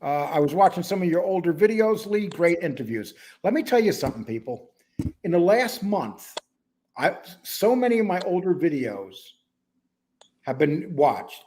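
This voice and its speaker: This podcast host is a New York man whose accent blends New York with Wisconsin. His voice sits on the high side with a darkish tone, and he talks in a loose, rambling way, hopping between subjects.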